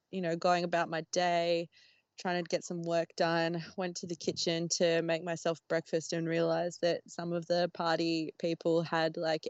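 A woman's voice: on the low side, no echo, muffled recording. A young woman, chatting casually as a podcast co-host and rambling through a story with frequent laughter. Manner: rambling storyteller, laughs often, acts out quoted lines. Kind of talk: casual chat.

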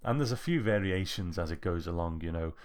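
Deep-voiced man rambling about a film. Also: lively intonation, brisk, darkish tone. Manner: rambling, with many fillers. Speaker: podcast co-host. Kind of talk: casual film review chat.

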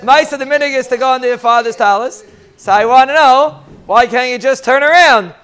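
A man's voice: extremely high pitch, fairly quick, clean tone. A man giving a live Talmud class, joking the students and calling on them by name. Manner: lively, joking asides to students, mixes Hebrew and Aramaic. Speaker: Talmud teacher.

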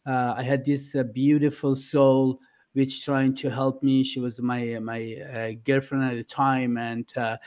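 Earnest man, halting speech. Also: mid-range voice, a little mellow. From Iran. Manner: earnest, halting, with frequent "uh" fillers. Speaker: podcast guest. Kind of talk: casual interview talk.

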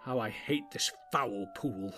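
Blunt grim warrior man, uneasy, storybook voice, read by a man, middle pitch. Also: slow, sharp tone, slight background noise.

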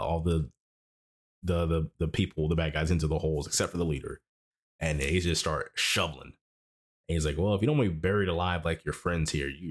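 A man casually recapping an anime episode, rambling and correcting himself as he goes. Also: extremely low pitch. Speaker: anime podcast host.

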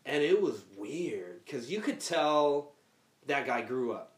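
A man hosting a podcast as a stand-up comedian, telling a story in casual, profane, animated chat. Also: mid-range voice, takes it slowly. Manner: animated, profane, acts out quotes. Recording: roomy echo, mic set far off.

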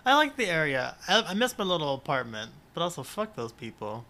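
A man chatting casually on a podcast, playful and quick to giggle, who reads sponsor copy with a mock flourish. His voice is bright and sits a little high. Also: very animated. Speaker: podcast co-host. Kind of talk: casual chat.

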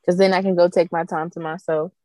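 A woman's voice: lowish voice, flat delivery, quick pace, darkish tone, no echo. A woman in a casual chat, speaking bluntly and profanely in a matter-of-fact way.

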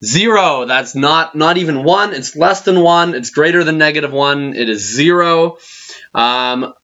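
A man's voice: fairly high pitch, unhurried, sharp tone. A young man co-hosting a podcast, teasing his friend in a mock-serious way. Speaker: podcast co-host. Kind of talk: casual chat. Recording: dull lo-fi recording.

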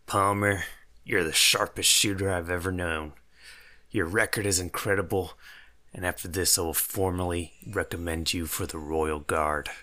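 A man's voice: low voice, steady tone, normal speed, sharp tone. A man voicing a confident male gnoll warrior commander who speaks in a formal, commanding way. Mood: approving.

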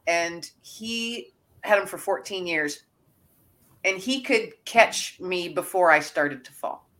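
A woman's voice: on the low side, animated, takes it slowly, a bit bright. A woman author chatting earnestly as a podcast guest. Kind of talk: casual podcast interview.

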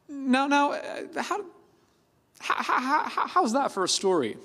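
Male pastor, relaxed, playful preaching with lively pitch swings, reverberant church hall. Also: takes it slowly. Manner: conversational and playful, with lots of fillers. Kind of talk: sermon. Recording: long reverb of a big hall.

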